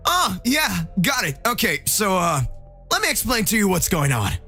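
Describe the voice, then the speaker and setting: A man's voice: sits high, normal speed, faint music behind, voice pushed up, full character voice. A man voicing a cheerful, eager male hero warrior in a fan-made story narration. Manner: excited, friendly.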